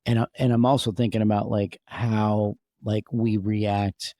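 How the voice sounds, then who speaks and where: A man's voice: lowish voice, flat delivery, a little slow, warm tone, dry recording, studio quality. A man co-hosting a podcast who talks casually and thoughtfully, often ending with tag questions. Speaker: podcast co-host. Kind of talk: casual chat.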